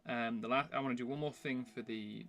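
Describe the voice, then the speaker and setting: A soft-spoken man chatting casually while he draws on a live stream, thinking aloud and often restarting his sentences. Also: medium pitch, fairly even intonation, fairly quick, a little hiss or hum. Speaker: artist streaming his drawing. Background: faint background music.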